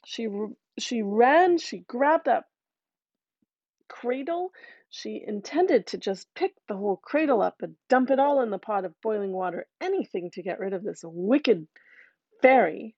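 A woman telling a folktale aloud in a lively, conversational way with asides to listeners. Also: on the high side, measured pace, no room sound, muffled recording. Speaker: storyteller.

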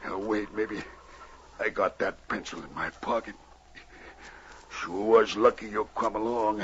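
An actor playing a big, gruff backwoods trapper with a bellowing folksy drawl, in an old radio drama. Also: male voice, on the low side, a little slow, fairly bright tone. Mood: coaxing. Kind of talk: 1950s radio drama acting. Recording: dull lo-fi old radio broadcast, faint hiss.

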